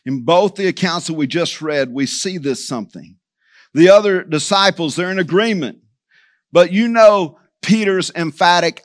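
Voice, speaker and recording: High-voiced pastor preaching conversationally. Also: male voice, dry recording, studio quality. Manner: conversational preaching, addresses congregation as church; animated, quotes scripture in changing voices. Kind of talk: sermon.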